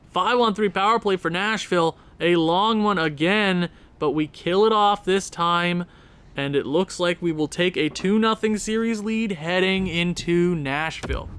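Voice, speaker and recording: A young man casually commentating his hockey video game season, quick and excitable as he recaps scores. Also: high voice, slight background noise. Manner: excitable, talks fast through game recaps. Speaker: gaming YouTuber.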